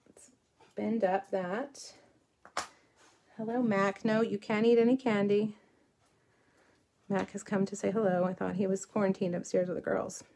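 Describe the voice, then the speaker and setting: A woman's voice: medium pitch, fairly even intonation, unhurried, long pauses, warm tone, a little hiss or hum. A middle-aged woman leading a live craft tutorial, talking her steps through and rambling into friendly asides as she works. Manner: chatty, rambling asides while working. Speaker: craft demonstrator.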